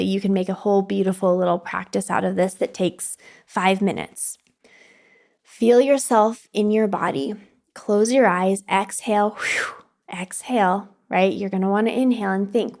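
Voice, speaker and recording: A woman hosting a wellness podcast, guiding listeners through grounding and breathing practices in a slow, soothing way. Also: mid-range voice, darkish tone. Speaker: podcast host and wellness coach. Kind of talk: guided practice, calm instruction.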